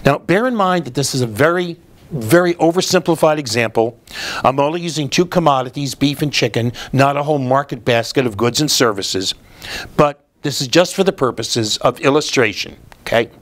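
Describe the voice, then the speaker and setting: A man's voice: medium pitch, normal speed, a bit bright. Male host, political commentary; sardonic, explains patiently, drops in "uh" fillers.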